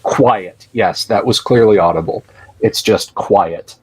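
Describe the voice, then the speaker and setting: A man narrating a tabletop horror game as game master, speaking with many pauses and fillers. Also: fairly low pitch, a little mellow, breathy edge, dry recording. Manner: hesitant, many fillers and restarts.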